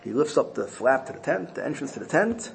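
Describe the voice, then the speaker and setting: A man's voice: mid-range voice, animated, brisk, vocal fry, a little hiss or hum, low-quality recording. A man giving a religious talk, telling a story in an earnest, repetitive way. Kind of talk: storytelling sermon.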